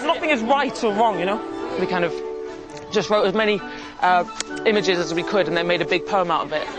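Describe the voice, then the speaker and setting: A man leading a poetry workshop for pupils, talking in a playful, excitable way. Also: sits high, a little fast. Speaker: poet leading a school workshop. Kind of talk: enthusiastic workshop talk. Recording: music and crowd behind voice.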